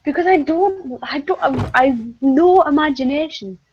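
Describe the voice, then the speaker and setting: A woman's voice: high-pitched, normal speed, dull audio, a little hiss or hum. A woman with a Northeast English accent, chatting casually beside a streamer and reading trivia aloud in a dry, reluctant way. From near Newcastle, England. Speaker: co-host reading facts aloud. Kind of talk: casual chat.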